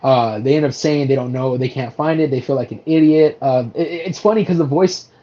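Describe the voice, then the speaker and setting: Brief: male podcast co-host, loose and rambling, dull low-fi recording. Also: brisk, dark tone. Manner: rambling, lots of restarts and swearing. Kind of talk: casual movie review chat.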